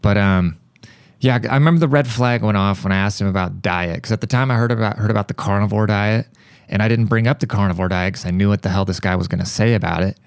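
A man hosting a podcast, telling a rambling story in a casual, profane, animated way. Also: on the low side, fast, gravelly, clean tone, no echo. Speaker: podcast host.

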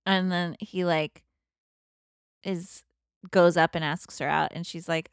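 On a comedy podcast, a co-host with a fairly low, clear and resonant voice casually retells a movie plot, taking her time. She's an animated storyteller who acts out the characters' lines and says "like" a lot. The sound is studio quality with no echo.

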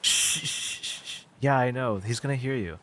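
A man playing a gentle, hushing young man. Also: medium pitch, animated, normal speed, natural voice. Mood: soothing. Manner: hushed, soothing. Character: kind young man befriending a sea creature. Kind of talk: improvised comedy scene.

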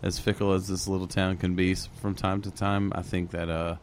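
A man guesting on a radio talk show as a comedian, talking in a relaxed, rambling way. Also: low voice, fairly quick, slight background noise. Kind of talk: casual radio chat.

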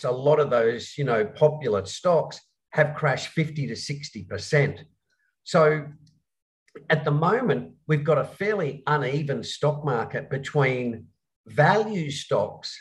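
A man taking questions about markets, laying out his points patiently. He teaches investing, and his talk is full of pauses and restarted phrases as he works through each idea. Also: medium pitch, poor audio. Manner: explanatory, frequent hesitations and restarts. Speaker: investment educator. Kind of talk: interview answers on markets.

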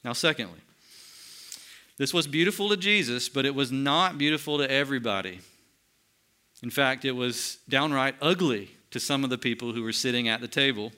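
A male pastor preaching a sermon in an earnest tone, slowing down and dropping quiet for emphasis. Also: mid-range voice, clean tone.

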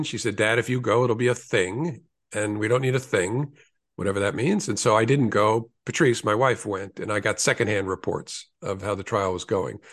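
Earnest storytelling man in an interview. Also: lowish voice. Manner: earnest, storytelling, with small restarts. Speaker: interview guest, author. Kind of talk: reflective interview answers.

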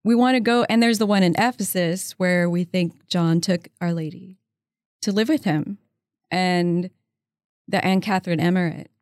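A woman's voice: fairly low pitch, no echo, studio quality. Chatty woman telling stories with enthusiasm. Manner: warm, storytelling, enthusiastic about her faith. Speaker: guest author. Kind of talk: casual interview conversation.

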